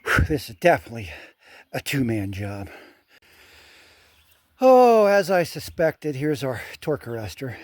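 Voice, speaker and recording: A man's voice: mid-range voice, darkish tone, no room sound. An older man narrating his own hands-on work in a casual, plainspoken way, breathing hard as he talks. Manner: plainspoken, thinking aloud while working. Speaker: handyman vlogger. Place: outdoors at a well.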